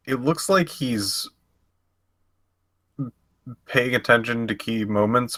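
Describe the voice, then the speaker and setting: Low, bright-toned man at a tabletop game. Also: no echo. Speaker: player. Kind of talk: describing his character in a tabletop game.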